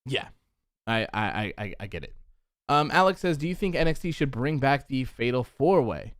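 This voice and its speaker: A young man casually hosting a live stream, reading viewer comments aloud and reacting with animated bursts. His voice is smooth and clear, with a dry, close sound and no room echo. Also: medium pitch, normal speed. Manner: animated, acts out crowd reactions. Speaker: post-show host reading chat.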